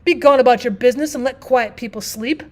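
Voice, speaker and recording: A woman reading aloud, voicing a sharp-tongued wife scolding from a window in a storybook. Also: fairly high pitch, fast talker, close to an everyday voice.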